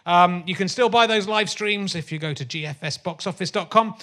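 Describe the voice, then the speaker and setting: A man's voice: high voice, brisk, a bit bright. A middle-aged man hosting a comedy podcast live on a theatre stage, rambling and sardonic with crude asides and lots of fillers. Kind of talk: live stand-up style podcast chat.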